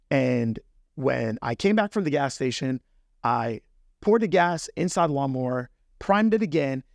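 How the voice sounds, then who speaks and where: A man's voice: mid-range voice, no echo, clean studio sound. A middle-aged man hosting a business talk, telling a personal story in a casual, conversational way and speaking straight to the listener. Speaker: podcast host.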